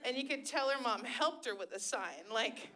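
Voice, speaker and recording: Woman stand-up comic, high bright voice, sarcastic and profane, live stage mic. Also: expressive, moderate pace. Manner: sarcastic, profane, shrill put-on voices for quoted people. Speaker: stand-up comedian. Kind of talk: stand-up comedy set. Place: live comedy stage before an audience.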